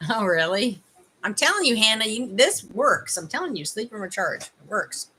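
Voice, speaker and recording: A woman's voice: mid-range voice, big pitch swings, moderate pace, pushed and bright. A Canadian woman casually chatting with viewers on a livestream at home, laughing and fussing over her dog. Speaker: livestream host.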